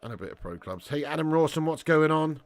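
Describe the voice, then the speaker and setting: A man's voice: on the high side, expressive, fast. Chatty man streaming a watch-along. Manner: chatty and banter-filled, calls viewers lad and mate. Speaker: live-stream host reading chat. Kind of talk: casual live watch-along chat.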